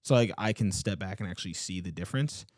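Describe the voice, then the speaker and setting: A man's voice: deep voice, fast, darkish tone, no echo. Earnest man co-hosting, dry close sound. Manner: earnest, filler-heavy, emphatic. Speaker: podcast co-host. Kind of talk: casual podcast chat.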